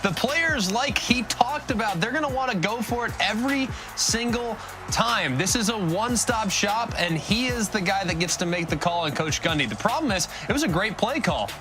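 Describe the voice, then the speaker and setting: A man's voice: sits high, expressive, moderate pace, music in the background. A man giving emphatic opinions as a sports talk show panelist. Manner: emphatic, clipped statements. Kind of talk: opinionated commentary.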